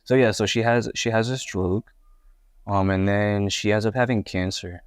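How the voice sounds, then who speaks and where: A man's voice: lowish voice, fairly even intonation, normal speed, clean tone, no echo, clean studio sound. A young man from Puerto Rico, a guest hip-hop artist, tells his life story in a candid, rambling way with many restarts. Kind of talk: casual interview storytelling.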